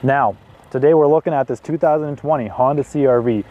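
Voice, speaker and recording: Man, twenties, car review host, excitable, casual asides, average pitch, outdoors. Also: fast talker. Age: 20s.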